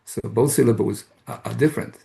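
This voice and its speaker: Gravelly-voiced man giving a hesitant lecture. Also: mid-range voice, a little fast, warm tone. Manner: hesitant, many fillers and restarts. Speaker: guest lecturer. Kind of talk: academic lecture.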